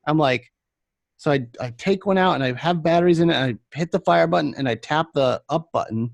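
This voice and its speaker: A man's voice: brisk, vocal fry, dry recording. A young man casually telling stories about vape shop customers, acting out their voices. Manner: animated, acts out customers in a higher voice. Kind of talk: casual chat, storytelling.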